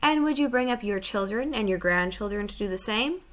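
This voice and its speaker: A woman's voice: medium pitch, lively intonation, a bit bright, lightly acted. Aslan, a grave and kingly lion, read by a woman. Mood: solemn. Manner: grave, measured storybook speech. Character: wise, solemn male lion ruler. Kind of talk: audiobook reading.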